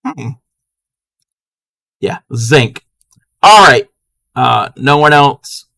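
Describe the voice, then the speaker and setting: A man's voice: medium pitch, animated, drawn-out words, vocal fry, pushed and bright, no room sound, studio quality. A man hosting a casual live crafting stream, chatting playfully with viewers and laughing often.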